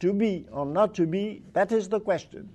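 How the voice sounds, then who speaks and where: A man reading examples of literary wordplay aloud to an audience, with a playful and deliberate delivery. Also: high-pitched, darkish tone, slight background noise. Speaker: speaker presenting literary wordplay.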